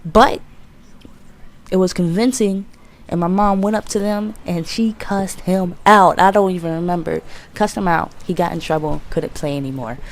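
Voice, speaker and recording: A woman in her twenties, a gaming commentator, telling a childhood story in a casual, profane, animated way. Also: on the low side, normal speed. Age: 20s.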